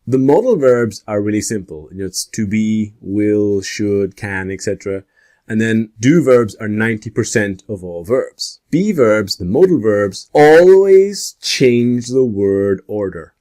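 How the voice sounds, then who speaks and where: Male English teacher, lowish voice, measured and deliberate, spells out example questions. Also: expressive, warm tone. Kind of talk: grammar lesson to camera.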